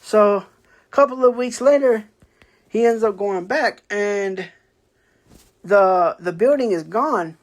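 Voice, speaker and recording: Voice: mid-range voice, takes it slowly, long pauses. A host of a book review channel retells a plot casually, rambling with many fillers and restarts. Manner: acts out characters' lines in a raised voice.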